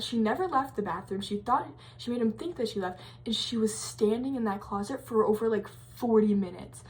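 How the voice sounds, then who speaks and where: A woman's voice: a little high, darkish tone. A young woman vlogger casually retelling a creepy story, rambling with lots of fillers and restarts. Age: young adult. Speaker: college vlogger.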